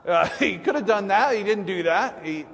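A male pastor preaching a sermon in a relaxed, humorous, conversational way, often restarting his sentences. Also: high voice, moderate pace, gravelly, slightly rough, long reverb tail. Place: church sanctuary.

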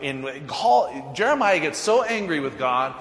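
This man, a pastor, brings his sermon's story to life in a reverberant church hall, frequently chuckling and performing the quoted lines. He speaks a little high and without hurry.

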